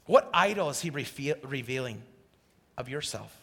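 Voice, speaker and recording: A middle-aged male preacher from Idaho giving a passionate sermon, swinging from quiet confession to shouted exclamation. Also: mid-range voice, expressive, normal speed, breathy edge, in a large hall.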